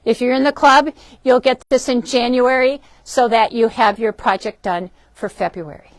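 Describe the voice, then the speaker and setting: Chatty upbeat woman host, high voice. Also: steady tone, moderate pace, no room sound. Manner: chatty, upbeat, frequent ums and self-corrections. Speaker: shop host presenting fabrics and books. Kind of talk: casual product demo for a live stream. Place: indoors in a fabric shop.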